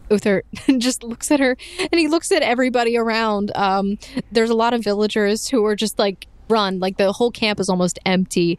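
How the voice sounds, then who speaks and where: A woman narrating as game master of a tabletop game, lively and playful, often laughing. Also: mid-range voice, normal speed, clear, resonant tone, dry recording.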